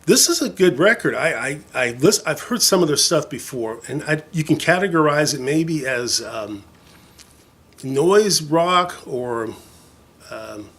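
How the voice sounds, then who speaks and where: A man's slightly high, a-bit-bright voice carries a breathy edge as he shows his vinyl collection in a casual vlog. He's animated and a little slow, rambling with enthusiasm, fillers and jokey asides.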